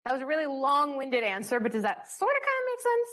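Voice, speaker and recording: A woman's voice: sits high, huge pitch swings, fast, a bit bright. A young woman leading a chemistry study session in a bubbly, joking way. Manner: bubbly, joking, self-mocking. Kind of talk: classroom teaching.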